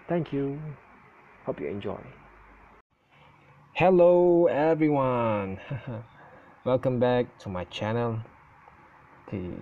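A man whose first language is Malay, giving his opinion in casual talk on his channel, halting and stuttering and often correcting himself. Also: mid-range voice, narrow, tinny audio, slight background noise. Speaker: vlogger. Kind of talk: casual spoken opinion recording.

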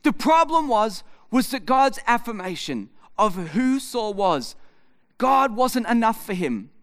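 A man's voice: very high voice, very animated, measured pace, a bit bright. A man, preaching a sermon and acting out conversations with his son. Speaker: pastor. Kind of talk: sermon with storytelling.

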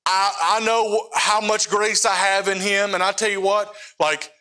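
A man's voice: high-pitched, little pitch movement, unhurried, pushed and bright, clear, resonant tone. A middle-aged male missionary preacher telling a personal testimony in a casual, conversational way, often checking in with his listeners. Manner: casual storytelling with frequent asides to the audience. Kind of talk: sermon testimony.

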